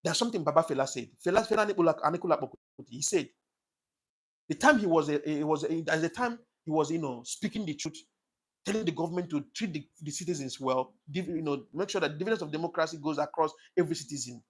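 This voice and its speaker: A man's voice: on the high side, fast, husky. A man giving an impassioned, preachy political monologue, repeating his points for emphasis. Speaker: commentator on his own channel.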